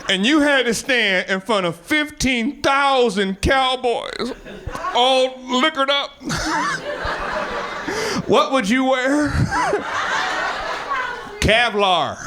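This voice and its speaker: A man's voice: extremely high pitch, sing-song, very slow, long pauses. A man performing a stand-up comedy set on a club stage, telling a story with acted-out dialogue over audience laughter. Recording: loud audience noise behind.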